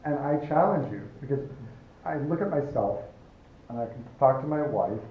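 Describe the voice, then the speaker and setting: A man's voice: mid-range voice, animated, moderate pace, a little hiss or hum. A man presenting a relationship workshop in a playful, teasing manner. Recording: echoey room over a tinny line.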